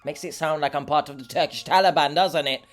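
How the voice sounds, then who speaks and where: A man's voice: fairly high pitch, steady tone, quick pace, faint music behind. A young man, a vlogger, chatting casually and sarcastically while eating, rambling and talking with his mouth full.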